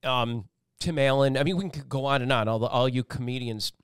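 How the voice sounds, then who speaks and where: A man from an Italian-American family, a talk show host and meteorologist, hosts a casual interview, rambling and emphatic with many restarts. His mid-range voice is smooth and a little fast, recorded at studio quality with no room sound.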